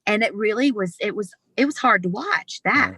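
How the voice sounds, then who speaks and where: Bright, animated woman storyteller. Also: mid-range voice, moderate pace, a little hiss or hum. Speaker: interview guest. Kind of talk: storytelling in conversation. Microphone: video call.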